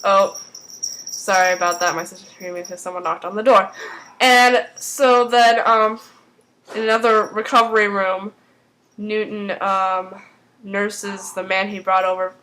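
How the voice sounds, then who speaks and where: A woman giving a casual spoken recap of a TV episode, rambling with lots of fillers and restarts and turning animated and emotional as she reacts. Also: medium pitch, unhurried, low-quality recording. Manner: animated and emotional, swinging between excitement and mock dismay. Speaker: fan recap vlogger.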